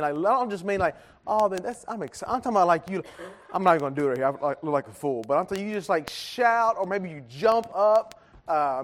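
A man gives a conversational sermon to a congregation, joking and asking them questions. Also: fairly high pitch. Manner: chatty, joking with the congregation, many fillers. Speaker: pastor. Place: church sanctuary.

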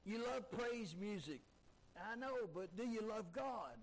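A man's voice: high voice, animated, measured pace, low-quality recording. A man preaching a sermon emphatically, driving his points home with repeated rhetorical questions. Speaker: pastor.

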